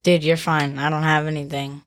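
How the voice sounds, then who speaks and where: Low, unimpressed young woman co-host. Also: little pitch movement, normal speed, no room sound. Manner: dry, unimpressed, slangy. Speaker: co-host, host's child. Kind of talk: casual family chat.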